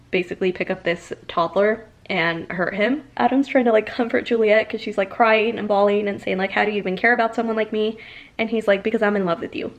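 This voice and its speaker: A young woman in her twenties chatting casually about a novel she is reading, with frequent fillers and exasperated reactions. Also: mid-range voice. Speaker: book vlogger.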